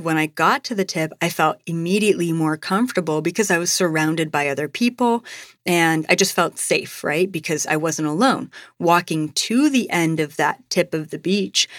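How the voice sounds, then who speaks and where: Young woman podcaster, lowish voice, dry close mic, rambling casual storytelling. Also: normal speed, no echo. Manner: chatty, lots of "like" and "you know". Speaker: podcast host. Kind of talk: personal storytelling.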